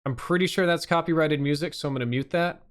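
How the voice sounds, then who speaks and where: A man's voice: a little high, fast talker. Guy on a live stream, blunt and casual, swears a bit while critiquing. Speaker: YouTube channel reviewer.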